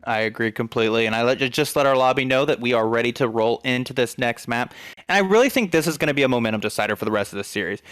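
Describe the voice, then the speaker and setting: A man giving play-by-play commentary on a competitive shooter match, quick and analytical, thinking aloud as he breaks down the game. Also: medium pitch, a bit bright, smooth, no room sound. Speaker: esports caster.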